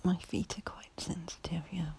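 A woman doing a whispered role-play in a low, mellow voice, unhurried and drawn out. She teases and flirts, slipping into soft giggles between slow breathy phrases. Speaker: ASMR performer.

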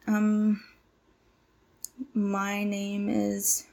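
A woman's voice: medium pitch, completely flat delivery, extremely slow, gravelly, noisy background. A woman voicing a nervous 25-year-old initiate who stammers, hesitates and keeps apologizing, in an audio drama role-play.

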